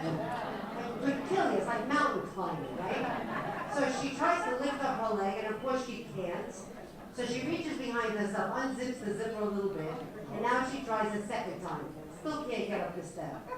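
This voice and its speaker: An older woman giving a humorous talk, telling jokes to an audience and acting out the lines of the people in them. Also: fairly high pitch. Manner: animated storyteller, acts out lines of jokes. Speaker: speaker telling jokes to seniors. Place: large hall with a live audience. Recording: echoey hall, voice from far off, crowd audible.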